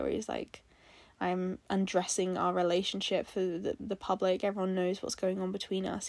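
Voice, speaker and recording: A woman's voice: medium pitch, gravelly, darkish tone, dry recording. A woman breaking down a song in a casual, emotional way, rambling with fillers and restarts. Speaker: music reviewer.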